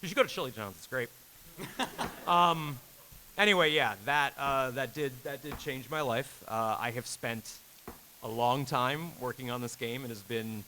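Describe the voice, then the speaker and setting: A man in his thirties tells a long personal story to a live panel audience, and his voice stays bright and forward throughout. He acts out each quoted line with sudden leaps in pitch and laughs as he talks. A faint hiss sits under the recording. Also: measured pace, low-quality recording. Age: 30s. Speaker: game director on a convention panel. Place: convention panel room.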